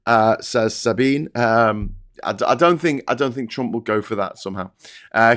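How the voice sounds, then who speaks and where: A man's voice: mid-range voice, moderate pace, fairly bright tone, smooth. A middle-aged British man hosting a live stream, reading chat aloud and giving wry, chatty commentary on the papers. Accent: British English. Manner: sardonic, chatty, reads chat and mocks headlines in silly voices. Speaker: host.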